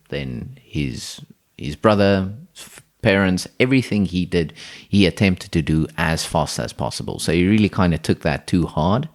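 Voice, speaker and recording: A man's voice: deep voice, gravelly. A man, co-hosting a podcast and telling an improvised story in a rambling way, often restarting his sentences. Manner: rambling, restarts, frequent laughter.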